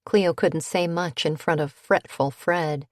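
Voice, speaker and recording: A woman narrating a cozy mystery audiobook in a measured, slow read. Her voice sits a little low and the recording is dry and close, with no room around it. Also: steady tone, darkish tone, dry recording. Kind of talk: scripted narration.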